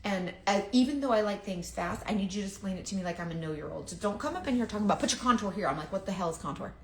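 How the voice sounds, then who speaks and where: A chatty woman tells a rambling, self-deprecating story and acts out what other people said. She speaks at an ordinary middle pitch. Her voice bounces around an echoey indoor room. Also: lively intonation, racing, darkish tone, slight background noise. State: sweating, overheated from layers. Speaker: makeup seller. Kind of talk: casual storytelling vlog.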